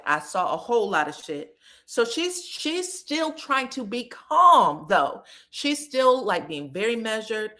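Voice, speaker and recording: A woman's voice: mid-range voice, fairly bright tone. A woman recapping a reality show in a casual, blunt, profane, mocking way.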